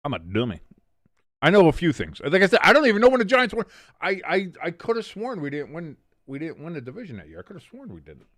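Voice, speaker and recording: A man's voice: on the high side, sing-song, quick pace, a bit bright, no echo, studio quality. A young man hosting a casual live watch-along of a football game, rambling, self-mocking and swearing freely as he calls plays.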